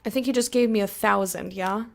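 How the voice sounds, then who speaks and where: A woman's voice: medium pitch, steady tone, brisk, creaky. A young woman streaming a game, chatting casually with viewers, laughing often and reading game text aloud. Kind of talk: casual let's-play chat with viewers.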